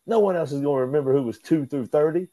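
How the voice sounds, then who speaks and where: A man, a pro wrestler, telling backstage stories as an interview guest in a casual, animated way. He, swears freely, calls people "brother," and acts out what others said in a raised voice. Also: fairly high pitch, fast, no echo, rough recording.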